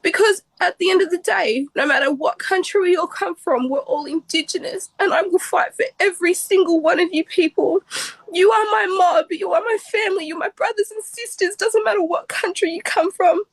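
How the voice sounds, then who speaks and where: Earnest high-voiced woman. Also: no room sound, low-quality recording. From Australia. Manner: earnest, heartfelt, halting. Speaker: livestream guest. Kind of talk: emotional livestream talk. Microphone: phone on a livestream.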